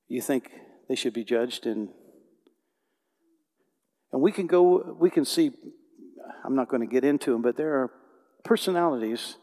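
Male pastor, passionate sermon delivery, hushed-to-loud swings, church reverb. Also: mid-range voice. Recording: long hall reverb.

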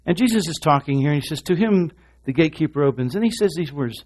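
A man preaching a sermon, talking straight to the congregation in an animated way, dropping to a hush and then rising loud, with quick asides to the crowd. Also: fairly high pitch. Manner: animated, swinging from hushed to loud.

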